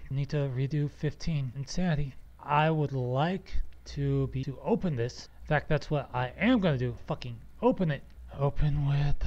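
A young man rants in a furious outburst, swearing nonstop and tripping over repeated words. His voice sits a little on the high side. The home recording sounds muffled and lo-fi. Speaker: podcaster. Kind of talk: angry rant. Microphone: computer voice recorder.

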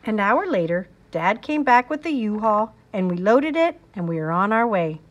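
A woman reading a children's novel aloud in an expressive way. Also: mid-range voice, normal speed, dull audio. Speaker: reader.

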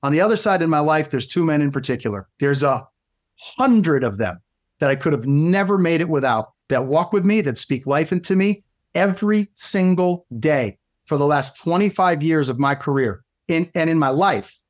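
A middle-aged man, a fitness coach guesting on a podcast, telling stories in an animated way with frequent restarts. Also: a little high, normal speed. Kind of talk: casual storytelling interview.

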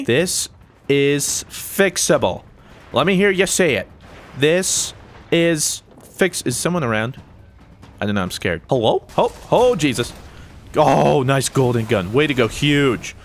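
A young man giving excitable, joking commentary over his own gameplay. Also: mid-range voice, a little hiss or hum. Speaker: gaming YouTuber.

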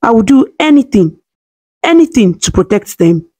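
A woman's voice: fairly high pitch, sing-song, moderate pace, dark tone. A woman voicing a fierce young mother who speaks with urgent determination to protect her twins. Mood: determined.

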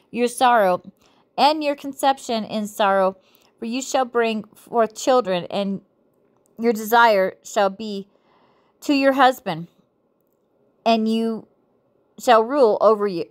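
A woman reading scripture and a devotional book aloud, with frequent self-corrections and playful, giggly asides. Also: fairly high pitch.

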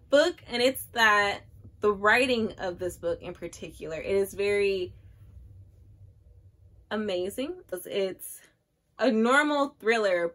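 A woman's voice: mid-range voice, fairly bright tone. A woman in her twenties chatting casually and emphatically to her viewers as she reviews a book on camera. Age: 20s. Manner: emphatic, gushing, talks straight to viewers. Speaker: book vlogger.

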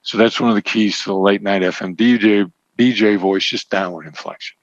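A man as an interview guest, explaining negotiation points in a measured, emphatic teaching tone. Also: on the low side, steady tone, no echo. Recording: dull, slightly lo-fi sound.

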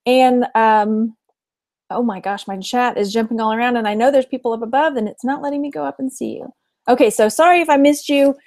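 A woman's voice: on the high side, fairly quick, darkish tone, no room sound. A woman in her forties, hosting a casual weekly livestream and chatting with viewers by name. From Texas. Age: 40s. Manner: chatty, greets viewers by name, frequent laughs. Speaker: livestream host.

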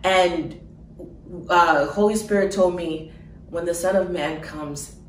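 A woman telling of her dream in an emotional personal testimony, halting with fillers and soft laughs. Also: lowish voice, reverberant, distant mic, slight background noise, poor audio.

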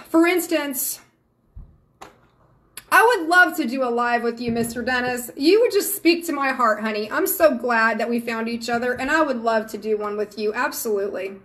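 Woman, middle-aged, high-pitched, live-stream host, chatty, earnest, affectionate. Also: moderate pace, fairly bright tone. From Georgia, USA. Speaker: psychic medium hosting a live stream.

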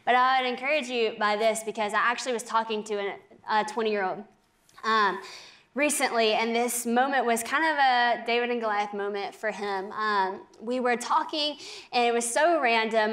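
A young woman tells her faith story as a guest on a televised talk show. She speaks earnestly and conversationally, tossing in frequent "like"s, with a voice that sits on the higher side. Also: steady tone, a bit bright. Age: young adult. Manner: earnest, chatty, many "like"s, quick laughs. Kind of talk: faith testimony in a TV interview.

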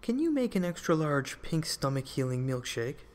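A man doing a gently firm wise king. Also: on the high side, very animated, moderate pace. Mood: calm firmness. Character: wise calm adult male king.

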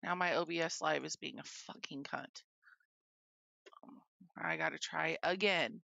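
A woman streams live, her low, gravelly voice edged with a sharp brightness as she curses and sighs through technical trouble. The sound is a little dull and lo-fi, with faint music underneath. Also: fairly even intonation, unhurried, dry recording. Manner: frustrated, swearing, sighing. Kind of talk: live game stream chat.

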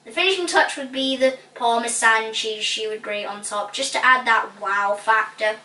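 A woman reading a children's book aloud in a lively, playful way, recorded with a roomy echo from a distance. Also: a little high, moderate pace. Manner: lively, playful, relishing funny words. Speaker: storybook reader.

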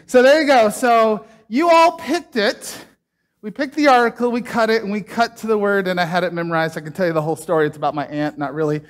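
Man, preacher, high voice, casual joking sermon to a congregation. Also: fairly quick. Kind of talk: casual sermon with a magic trick.

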